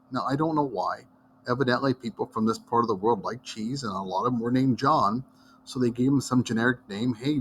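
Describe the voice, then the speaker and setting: A man's voice: medium pitch, fairly bright tone, a little hiss or hum. A middle-aged man from Iowa giving a casual history lesson, telling stories in a folksy, wandering way. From Iowa, United States. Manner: folksy, digressive storyteller. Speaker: history teacher. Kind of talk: casual classroom lecture.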